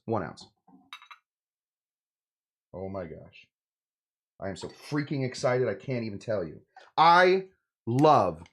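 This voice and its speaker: A man hosting a casual cocktail-making demonstration, joking and rambling with lots of asides. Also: fairly low pitch. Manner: joking, rambling, self-interrupting. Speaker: host of a cocktail channel.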